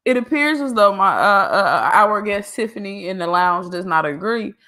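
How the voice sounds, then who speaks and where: Podcast co-host, bright, sharp tone, blunt and casual. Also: mid-range voice, animated, normal speed. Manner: blunt, laid-back slang.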